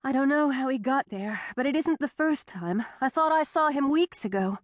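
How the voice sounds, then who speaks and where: A woman's voice: high voice, normal speed, no room sound, studio quality, voice pushed up, lightly acted. A woman voicing a frightened young woman whose tense voice keeps breaking as she pleads.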